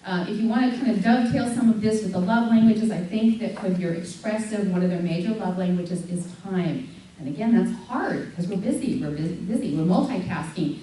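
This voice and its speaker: A middle-aged woman giving a lively talk to a parents' group, acting out stories with big jumps in her voice and frequent laughs. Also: fairly quick. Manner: animated storyteller, acts out voices of her daughter with big pitch jumps and laughs. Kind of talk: live talk to an audience. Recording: echoey hall from far off, faint hum.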